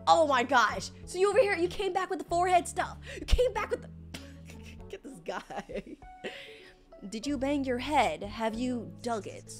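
A woman's voice: high-pitched, lively intonation, unhurried. A young woman streaming a game, rambling and panicking aloud as she plays. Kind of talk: casual gameplay livestream. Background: game music.

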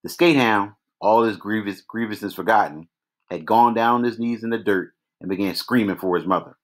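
Deep-voiced man reading a novel aloud. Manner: measured, with occasional restarts. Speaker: reader. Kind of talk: read-aloud novel narration.

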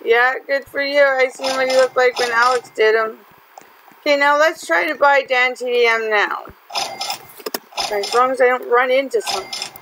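A woman's voice: high voice, fairly even intonation, normal speed, noisy background. A woman hosting a gaming channel, chatting and teasing through her commentary as she plays. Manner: chatty and teasing, laughs often. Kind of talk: let's-play commentary.

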